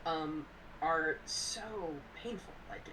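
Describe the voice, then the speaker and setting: A woman co-hosts a casual film podcast in a slightly low voice. She thinks aloud, hesitant and full of fillers. She sits back from the mic, with a steady hiss in the background. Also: slow pace, far from the mic. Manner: thoughtful, hesitant, many fillers. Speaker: podcast co-host.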